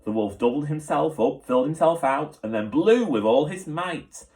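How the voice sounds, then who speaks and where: A man, a teacher, reading a children's book aloud with steady, clear storytelling. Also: a little high, normal speed.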